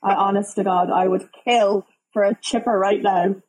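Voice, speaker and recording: A woman in her thirties with a Dublin Irish accent, telling lively stories and using local slang as a guest on a talk show. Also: mid-range voice, moderate pace, slight background noise, rough recording. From Ireland. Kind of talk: casual chat.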